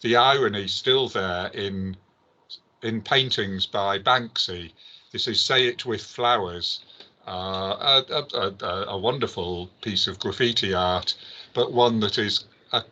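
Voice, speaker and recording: A man speaking at an academic conference, hesitant and pausing often on filler sounds. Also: fairly low pitch, bright, forceful tone. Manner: hesitant, many filler pauses.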